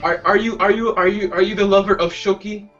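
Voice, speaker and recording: A man's voice: high-pitched, fairly even intonation, brisk, lo-fi sound, heavy background noise. A man playing a tabletop game, chatting in a rambling, hesitant way. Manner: rambling, hesitant, many fillers. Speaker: player. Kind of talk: casual chat during a tabletop game.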